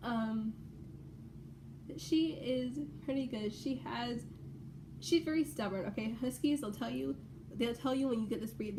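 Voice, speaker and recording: A young woman rambling casually in a home vlog, full of fillers and excited asides. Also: on the high side, noisy background. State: out of breath. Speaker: vlogger. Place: bedroom at home.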